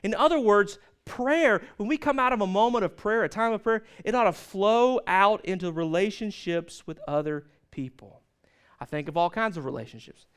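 Clear high-voiced preacher man. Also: normal speed, fairly bright tone. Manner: storytelling preacher with jokes and questions. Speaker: pastor. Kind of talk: sermon.

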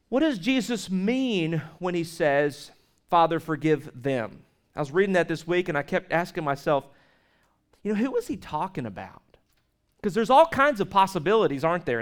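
A male pastor preaching a sermon to his congregation. He speaks emphatically, swinging between loud stress and hushed lines, with frequent restarts and repeated words. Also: on the high side, clear, resonant tone. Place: church service with projected slides.

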